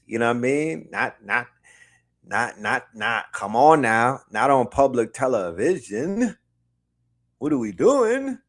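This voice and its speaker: A man with a mid-pitched voice, talking loose and casual on a live show. He jokes around, drops slang and keeps checking in with the audience. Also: animated, measured pace, a bit bright. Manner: laid-back, joking, slangy. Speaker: podcast co-host. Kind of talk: casual chat.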